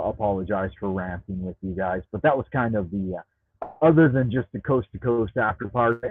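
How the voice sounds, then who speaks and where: A man's voice: on the low side, breathy edge, no room sound. A man hosting a livestream, ranting profanely and rambling, repeating words when worked up, talking into a Bluetooth headset. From United States. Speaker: livestream host reading chat. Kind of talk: ranting live chat. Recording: tinny dry Bluetooth audio.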